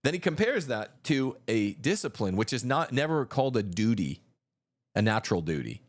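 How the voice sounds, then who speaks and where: A man's voice: medium pitch, big pitch swings, normal speed. Combative male livestream host. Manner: combative, mocking. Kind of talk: livestream commentary.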